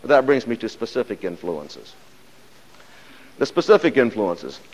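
A man's voice: medium pitch, sing-song, normal speed, a little mellow, dull audio. Man lecturing in a reverberant hall. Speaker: church history lecturer.

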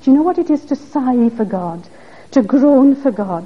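A woman's voice: high-pitched, animated, normal speed, breathy edge. A woman preaching a sermon, pressing her listeners with earnest, pleading questions. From Wales. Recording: dull lo-fi recording.

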